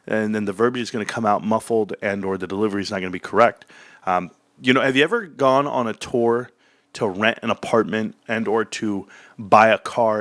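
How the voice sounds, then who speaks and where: A man hosting casual commentary, talking energetically and acting out sales pitches in quoted voices. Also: a bit bright, no room sound. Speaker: stock commentary host.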